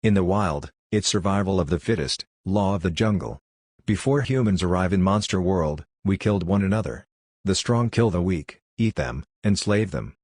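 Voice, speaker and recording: Audiobook: feral girl raised by beasts, broken English, calm and ruthless, read by a man with a deep voice. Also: normal speed, no room sound. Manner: broken English, flat and matter-of-fact. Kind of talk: audiobook character voice.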